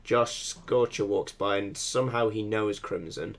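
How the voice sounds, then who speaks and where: A British man on a podcast, telling a story in an animated way and laughing often. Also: fairly low pitch, a little slow. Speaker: podcast co-host and editor. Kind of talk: casual podcast chat.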